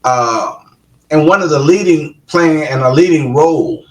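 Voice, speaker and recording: A man hosts a radio interview, asking lead-in questions and chuckling along. His voice is fairly high and lively. He sounds set back from the mic in a roomy space. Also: unhurried, far from the mic. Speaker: radio show host.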